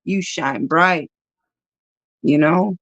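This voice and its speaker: A woman's voice: deep voice, drawn-out words, fairly bright tone, dry recording. A woman guest in a casual spiritual conversation, talking animatedly, often laughing and acting out the voices she quotes.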